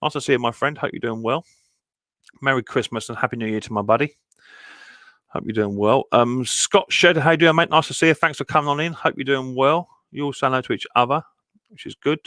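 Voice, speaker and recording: A man runs a live stream, chatting casually and greeting viewers by name with lots of ums and easy asides. His voice sits at an ordinary middle pitch. The sound is dry and close, with no room echo. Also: steady tone, brisk, fairly bright tone.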